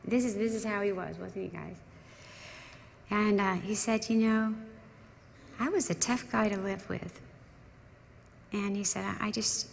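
A woman's voice: medium pitch, steady tone, moderate pace, vocal fry, pauses often, slight background noise. A woman in her sixties giving a heartfelt memorial tribute to her husband, telling stories with frequent restarts. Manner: emotional storytelling, trails off and restarts. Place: large church sanctuary. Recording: long church hall reverb with faint ambience.

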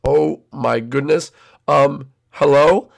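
A man voicing an excitable young koopa prince who hosts a toy role-play, rambling and exclaiming. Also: fairly high pitch, slow, vocal fry, pitched below the performer's own voice, full character voice. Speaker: host.

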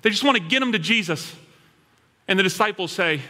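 A male pastor preaching a sermon in an animated storytelling manner. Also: high-pitched, fairly quick, long pauses. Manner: animated storytelling, acting out quoted voices. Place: church hall. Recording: long hall reverb.

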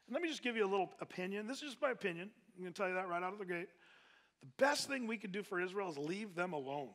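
A pastor preaches in a church hall, casual and conversational, with plenty of fillers and restarts. His high voice is expressive, fast, pushed and bright, and the echoey hall adds long reverb.

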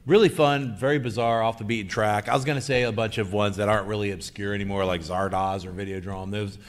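A man's voice: fairly low pitch, steady tone, quick pace. A man chatting casually as a guest on a convention stage panel, enthusiastic and profane, joking freely as he recommends things. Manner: enthusiastic, profane film buff who jokes freely.

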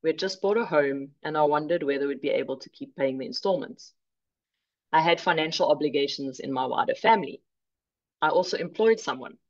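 Measured woman presenting a workshop. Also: low voice, highs cut off. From South Africa. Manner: clear, measured, lightly humorous.

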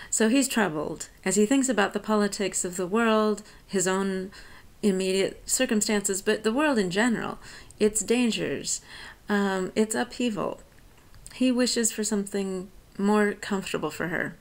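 An American college professor lectures on a poem, reading its lines slowly before unpacking them in relaxed, conversational asides. Her middle-pitched voice carries a gravelly, creaky edge.

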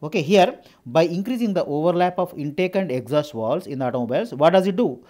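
Casting: Indian-accented male tutor, lively intonation, repeats himself, rhetorical questions. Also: a little high, fast. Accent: Indian English. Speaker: exam coaching teacher. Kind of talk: exam prep lecture.

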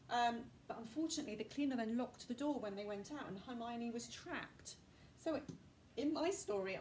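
A chatty teacher talks her pupils through her own writing, her voice fairly high and bouncing a lot in pitch. The mic sits some way off in a classroom, picking up faint room noise. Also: recorded from a distance. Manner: chatty, thinking aloud, modelling her writing. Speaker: primary school teacher. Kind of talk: recorded writing lesson.

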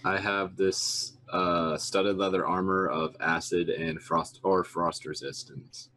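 A man's voice: sits low, flat delivery, slow pace, sharp tone, a little hiss or hum. A man playing a tabletop game, speaking casually and a little hesitantly in character. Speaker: player.

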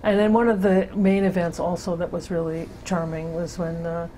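Older woman, oral history interview, mellow warm tone, rambling storytelling with restarts. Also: lowish voice, little pitch movement, moderate pace, slight background noise. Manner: storytelling with many restarts and laughs. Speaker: interviewee, sister-city project founder.

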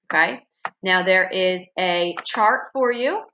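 Bright-voiced woman teacher guiding students. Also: fairly low pitch, slow pace, dull audio, slight background noise. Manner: encouraging, explains step by step with frequent "okay" and "right". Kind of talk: recorded online class walkthrough.

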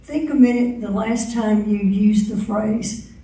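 A woman minister giving a sermon, slowly leading her congregation in repeated chanted affirmations. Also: mid-range voice, mellow. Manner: slow, deliberate, leads the congregation in repeated chants. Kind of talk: sermon with call-and-response affirmations. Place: large church hall. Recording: very echoey hall, voice from a distance.

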